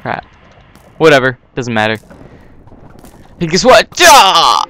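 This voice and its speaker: A young man hosting a gaming channel, giving casual, excitable commentary on his own gameplay with yelps and laughs. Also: medium pitch, takes it slowly, long pauses, clear, resonant tone, dry recording.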